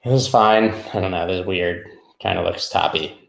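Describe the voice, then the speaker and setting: A man talks through price charts in a loose, rambling way, tossing in irreverent jokes as he goes. His voice is gravelly and sits fairly low, and it rings a little in a roomy space. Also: normal speed. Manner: rambling, irreverent, jokey asides. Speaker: crypto market show host. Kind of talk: casual live chart analysis.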